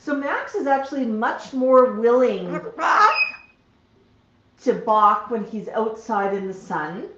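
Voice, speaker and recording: The woman hosting this casual livestream from home speaks slowly in a slightly high voice, with long pauses and a little background noise. She coos to her parrots in baby talk and then chats plainly with viewers, and the recording is dull and roomy.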